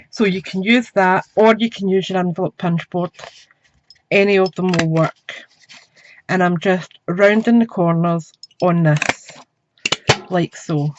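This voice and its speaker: A woman talks through a craft project at her home desk at an unhurried pace. Her chat is easy and running, as if she is working with her hands the whole time. The sound is a bit dull and muffled, like a home camera recording. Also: medium pitch, slight background noise. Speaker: craft demonstrator. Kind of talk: crafting tutorial. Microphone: camera mic.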